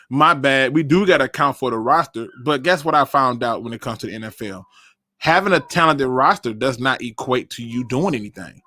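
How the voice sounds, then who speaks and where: A man hosting a casual sports fan show, talking straight to viewers with emphatic, animated commentary. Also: a little high, brisk, dry recording, clean studio sound. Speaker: sports podcast host.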